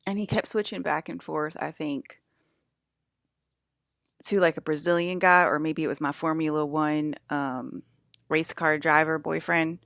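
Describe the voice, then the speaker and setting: A woman's voice: low voice, fairly even intonation, measured pace, vocal fry, fairly bright tone, no room sound, clean studio sound. A young adult woman rambling through a profane, agitated vlog monologue about her dreams, full of fillers and restarts. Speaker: vlogger.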